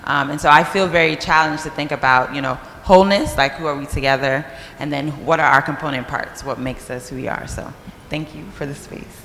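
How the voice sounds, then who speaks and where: A woman speaks as a founder on a panel in a large hall, giving a thoughtful, reflective introduction with many fillers. Her voice is low and a little fast. Long hall reverb and faint noise color the recording.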